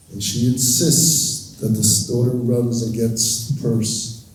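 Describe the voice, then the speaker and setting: A man with a warm, mellow voice tells a gripping story to an audience, slowing and pausing to let key moments land. He sounds set back from the microphone in a large hall, with heavy reverb trailing every phrase. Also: medium pitch, steady tone, a little hiss or hum. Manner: measured, with pauses and slowed phrases for emphasis. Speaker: event speaker. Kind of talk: dramatic first-person storytelling. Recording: very echoey hall, distant mic.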